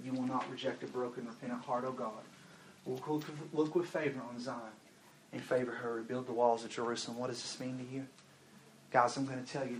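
A man's voice: mid-range voice, fairly bright tone, slight background noise. A young man preaching a fervent sermon at a youth revival service, calling his listeners "guys.". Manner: fervent, calls the crowd "guys".

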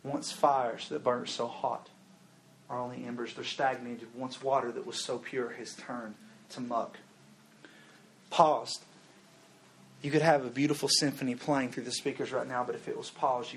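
A man's voice: mid-range voice, flat delivery, moderate pace, slight background noise. A young man preaching a fervent sermon at a youth revival service, calling his listeners "guys.". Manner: fervent, calls the crowd "guys".

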